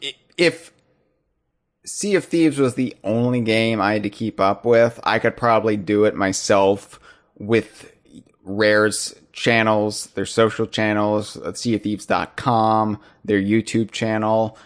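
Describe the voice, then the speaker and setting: Podcast host, male, lowish voice, joking banter, quick bursts. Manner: jokey, animated, fast bursts.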